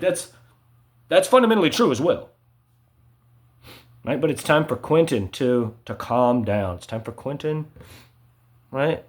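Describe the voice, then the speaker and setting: A man delivering an agitated, repetitive monologue, ending his sentences with "right?" and swinging between loud emphasis and low mutters. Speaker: vlogger. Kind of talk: ranting monologue to camera.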